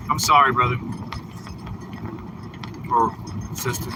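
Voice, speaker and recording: A man's voice: a little high, lively intonation, measured pace, sharp tone, slight background noise, poor audio. A man livestreaming from a car, teasing and scolding viewers in his chat in casual talk. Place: in a car on a snowy road.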